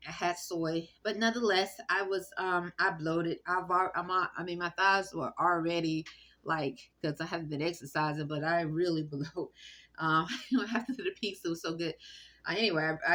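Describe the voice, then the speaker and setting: A woman with a bright, sharp-edged voice talks straight to her phone in a loose, meandering monologue. She halts, restarts and fills gaps with ums as she goes, speaking from inside a room. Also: lowish voice, fairly even intonation. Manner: halting, many fillers and restarts. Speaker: vlogger. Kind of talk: rambling personal monologue. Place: indoor room. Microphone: phone recording.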